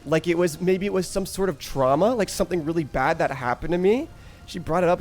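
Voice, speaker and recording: A man's voice: a little high, a little fast, darkish tone. A man streaming live, telling a rambling story to his chat, swearing freely and often breaking into laughter.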